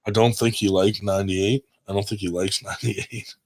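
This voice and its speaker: A man's voice: fairly low pitch, normal speed. A man hosting a podcast in rambling casual chat, swearing freely. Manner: profane, rambling and animated. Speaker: podcast host.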